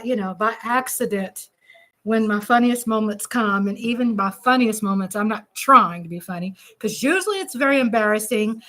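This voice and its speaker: A woman's voice: fairly high pitch, a bit bright. A woman hosting a casual live stream from home, chatty and playful, reading out viewer comments.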